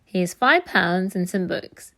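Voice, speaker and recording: A woman voicing a kind, grave elderly gentleman in a storybook read-aloud, speaking gently and earnestly. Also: lowish voice, lively intonation, slow, full character voice.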